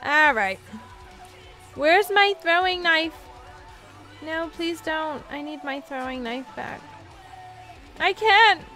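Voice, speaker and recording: A young woman commenting on her own gameplay, giggling, squealing and reacting excitedly. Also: high-pitched, takes it slowly, pauses often, faint music behind. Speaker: gameplay video host.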